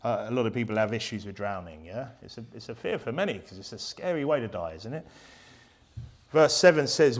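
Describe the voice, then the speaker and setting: A man's voice: medium pitch, lively intonation, a little fast. A man preaching a sermon in a church, emphatic and fiery, firing off rhetorical questions.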